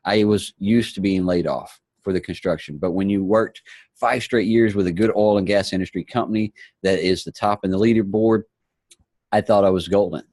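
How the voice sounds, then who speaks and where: A man's voice: low-pitched, steady tone, moderate pace, darkish tone, no room sound, clean studio sound. A man in his forties hosting a motivational morning show, upbeat and encouraging. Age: 40s. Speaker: host. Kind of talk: motivational talk.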